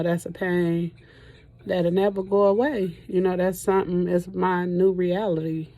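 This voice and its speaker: A middle-aged woman talking to camera in a halting, emotional way, often pausing with "you know", as she speaks about her loss. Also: fairly low pitch, warm tone. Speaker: trucking vlogger and grieving mother. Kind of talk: personal testimony to camera.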